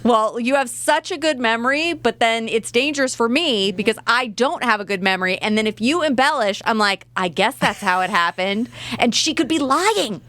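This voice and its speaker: Wry, teasing woman, lively pitch. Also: normal speed, hardly any pauses, dry recording. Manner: wry, teasing older sister. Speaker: podcast co-host. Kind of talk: casual family chat.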